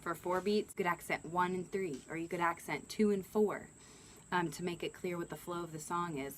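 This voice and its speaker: Female music teacher, friendly and chatty, counts beats aloud, with loud ukulele strumming behind her. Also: on the low side, a little fast, poor audio. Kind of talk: instructional lesson. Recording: ukulele playing loud under the voice.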